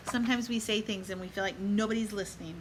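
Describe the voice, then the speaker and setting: A woman reading a children's picture book aloud, stopping to give gentle life lessons to children and moms and inviting listeners to chant along. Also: mid-range voice, fairly even intonation, quick pace, noisy background. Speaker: storybook reader.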